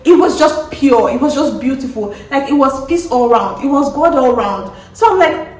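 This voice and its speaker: Animated woman telling a story, roomy. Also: high voice, moderate pace, far from the mic. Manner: animated, acts out quotes with wailing and laughter. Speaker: vlogger. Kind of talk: casual storytelling to camera. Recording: roomy sound from off-mic.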